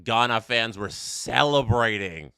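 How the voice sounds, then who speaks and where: Guy calling a soccer game live on stream, bouncy pitch, crisp clear voice, dry sound. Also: measured pace, dry recording. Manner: chatty, reads chat aloud, excited bursts on big plays. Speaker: livestream host doing live match commentary. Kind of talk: casual live watch-along commentary.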